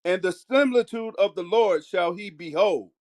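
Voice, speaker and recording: A man reading scripture aloud in a measured way, slowing on key phrases. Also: high voice, darkish tone. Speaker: scripture reader.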